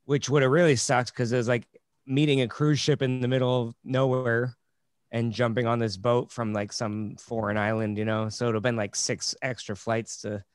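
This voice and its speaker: A man's voice: mid-range voice, flat delivery, moderate pace, clear, resonant tone, dry recording. Man co-hosting a podcast, dry sound. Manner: joking interjections, swaps his own story. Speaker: podcast co-host. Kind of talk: casual podcast chat.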